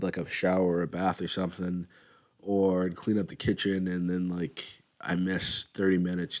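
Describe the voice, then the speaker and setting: A man's voice: low voice, a little mellow. A young man hosting a casual wrestling commentary show, rambling and conversational, yawning now and then. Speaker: wrestling podcast host.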